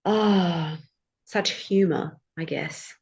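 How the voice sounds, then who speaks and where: A woman from England, a podcast guest talking in a relaxed, reflective way. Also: lowish voice, extremely slow, gravelly, breathy edge. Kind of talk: casual interview chat.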